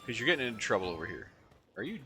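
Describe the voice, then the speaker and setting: A man's voice: lowish voice, big pitch swings, racing, bright, forceful tone, faint music behind. A man giving casual let's play commentary, talking at the game creatures, swearing and laughing often. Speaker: gaming channel host.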